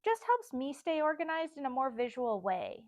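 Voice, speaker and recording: A woman's voice: high voice, very animated, moderate pace, dry recording. Chatty woman teaching a sewing class. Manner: chatty, thinks aloud, corrects herself. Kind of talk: casual step-by-step tutorial.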